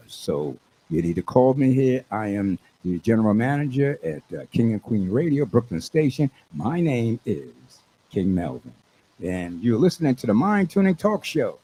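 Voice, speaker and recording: An older man, a radio station manager hosting his talk show, hyping an event with exuberant, preachy shouts. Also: mid-range voice, breathy edge. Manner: exuberant, preachy call-and-response, shouts when excited. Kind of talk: hyped radio promo talk.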